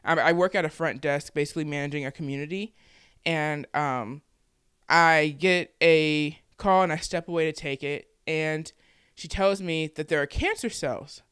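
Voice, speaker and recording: A woman's voice: low-pitched, normal speed, a bit bright, clean tone, no room sound, studio quality. A woman in her twenties telling her own story to the camera in a candid, conversational way, with plenty of "like" fillers. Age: 20s. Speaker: vlogger and podcaster.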